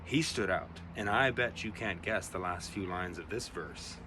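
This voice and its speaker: A man reading his own rhyming children's poem aloud, with an expressive, rhythmic delivery. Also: sits low, moderate pace, background noise. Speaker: storyteller.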